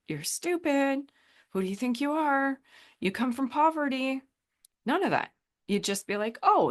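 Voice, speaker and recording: A woman hosting a motivational podcast, talking emphatically and acting out the inner voices in our heads. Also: fairly bright tone. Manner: emphatic, acts out inner voices with shifting pitch. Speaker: podcast host. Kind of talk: motivational solo talk.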